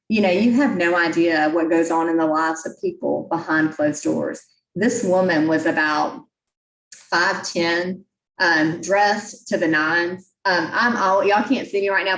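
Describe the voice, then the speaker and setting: A woman's voice: lowish voice, a bit bright, recorded from a distance. Chatty woman in an echoey room. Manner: folksy, chatty, self-deprecating. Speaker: guest speaker at a club meeting. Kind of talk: storytelling talk. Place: meeting room.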